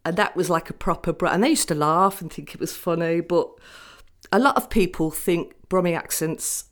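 A woman's voice: lowish voice, fairly bright tone. An older woman with a Birmingham accent, first carefully reading a set passage aloud and then chatting about her upbringing. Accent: Birmingham English. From Birmingham, England. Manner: measured, careful reading; chatty when recalling.

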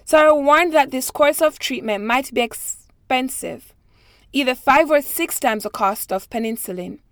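A woman's voice: sits high, measured pace, smooth, no room sound, clean studio sound. A woman from Jamaica with a Jamaican accent, reading a set passage aloud and then talking about her accent.

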